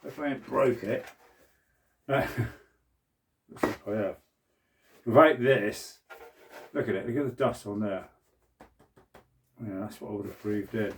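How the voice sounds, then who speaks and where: An older British man in his sixties, chatting away to his camera in a cramped shed as he works. His voice is dark and mellow, with a loose, rambling flow. He keeps up a running patter with himself as he goes. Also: mid-range voice, a little hiss or hum. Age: 60s. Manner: chatty, rambling, self-talk while working. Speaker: woodworking vlogger. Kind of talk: casual workshop chat to camera. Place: small cluttered shed. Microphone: camera on a mount.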